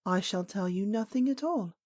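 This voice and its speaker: A woman voicing a small princess girl who speaks quietly and with composure. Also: medium pitch, animated, normal speed, no echo, studio quality, lightly acted. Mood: calm dignified. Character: little princess girl, calm and dignified.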